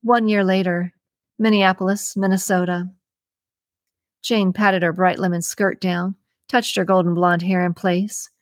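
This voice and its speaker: A woman hosting a podcast, reading a suspense novel aloud in an even, measured way with slight shifts for characters. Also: on the low side, no room sound, clean studio sound. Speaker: podcast host and audiobook reader. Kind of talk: scripted audiobook narration.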